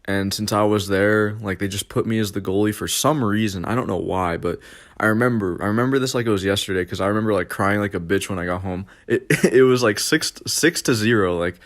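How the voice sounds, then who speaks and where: A young vlogger with a lowish voice rambles through a casual storytime, talking fairly quickly. He leans heavily on fillers, curses freely and drifts from one point to the next.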